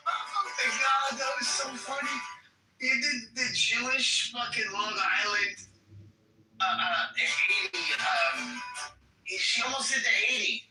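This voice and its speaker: A man hosting a casual livestream, excitable and swearing, laughing as he talks. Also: very high voice, a little slow. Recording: echoey room, far from mic, music behind.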